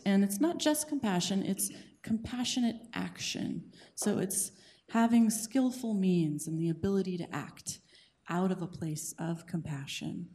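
Mellow-voiced woman host. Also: on the low side. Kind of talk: explanatory talk and guest introduction.

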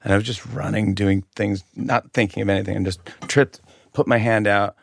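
A man chatting casually on a comedy talk podcast, an animated storyteller who jumps into bits. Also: on the low side, fairly quick, creaky, no room sound, studio quality. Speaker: talk show host guest.

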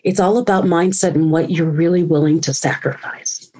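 A woman in her forties telling her story as an interview guest, animated and acting out the people she quotes. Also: fairly low pitch, normal speed, low-quality recording. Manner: animated, acts out quoted voices. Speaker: guest speaker and author.

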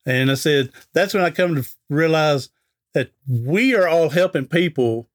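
This middle-aged guest on an interview podcast, an author and speaker, has a fairly high, animated voice and talks a little slowly. He spins a folksy anecdote in a chatty manner, performing the dialogue himself.

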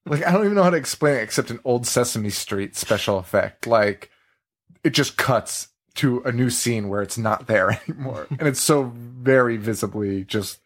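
At a moderate pace and medium pitch, a man hosting a podcast discusses a horror movie in a relaxed review chat. He's animated and laughing, acting out lines from the film.

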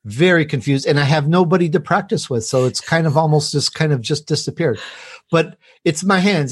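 A man with a fairly high voice chats as a podcast guest, eager and warm-hearted in his talk. He rambles and restarts his sentences as ideas come. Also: brisk, breathy edge. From Italian heritage. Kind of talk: podcast interview.

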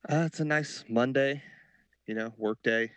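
A man's voice: mid-range voice, measured pace, fairly bright tone, no echo. A man co-hosting a podcast in easygoing chat, often repeating words as he starts. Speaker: podcast co-host. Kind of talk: casual chat.

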